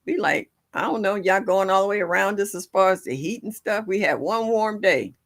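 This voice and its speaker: At a moderate pace and in a mid-range voice, an older woman runs a gardening livestream from her home using a livestream setup. Her talk is casual and chatty, folksy and full of laughter with her live viewers.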